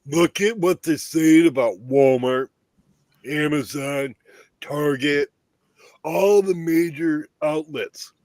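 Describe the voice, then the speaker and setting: A man's voice: fairly high pitch, slow, a little mellow, no room sound. A man in casual political chat, indignant and swearing about prices and cuts. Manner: indignant, profane.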